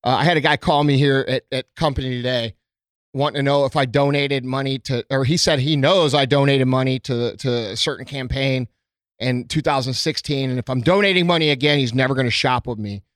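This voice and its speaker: His voice is medium-pitched, steady, fairly quick, and fairly bright, captured at studio quality with no room sound. The small business owner speaks to his followers from inside his company premises in an earnest, emotional, unscripted monologue, swearing often and tripping over ums and restarts.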